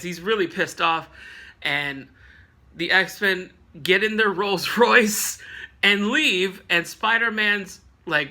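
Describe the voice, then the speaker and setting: A bright, high-pitched man talks through a comic book issue in a loose, casual way. He is animated and jokey, laughs often, and keeps tossing in playful asides. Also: slow pace. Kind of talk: casual recap with playful character voices.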